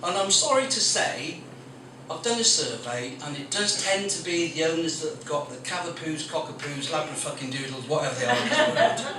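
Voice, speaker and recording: A man's voice: a little high, sing-song, fairly quick. A man hosting a small comedy night, telling crude, blunt stories with lots of swearing. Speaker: stand-up comedian and compere. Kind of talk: stand-up comedy set. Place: small coffee shop venue with live audience. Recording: very echoey room recorded from a distance with background noise.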